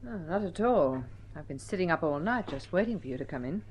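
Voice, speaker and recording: An actress playing a sharp-tongued, fed-up wife in a vintage radio drama, sarcastic and cutting. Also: female voice, lowish voice, lively intonation, moderate pace, natural voice.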